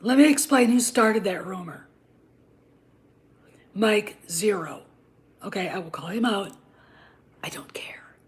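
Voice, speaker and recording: A woman's voice: mid-range voice, lively intonation, a little slow, pauses often. A woman hosting a casual commentary vlog, talking in a blunt, profane and opinionated rambling way. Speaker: host of a channel on the Star Wars franchise.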